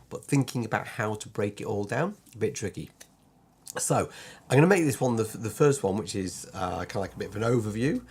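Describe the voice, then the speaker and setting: British man from Lancashire, low husky voice, casual rambling course-intro host who gets sidetracked easily. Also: a little mellow. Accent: British English. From Lancashire, England. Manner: rambling and easily sidetracked, with many fillers and restarts. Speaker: illustrator and online course teacher. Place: drawing room at home.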